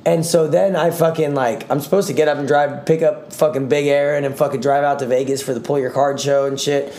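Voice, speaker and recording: A young man co-hosting a podcast, telling a long profane story in a rambling, animated way. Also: on the high side, brisk. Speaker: podcast co-host. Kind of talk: casual storytelling chat.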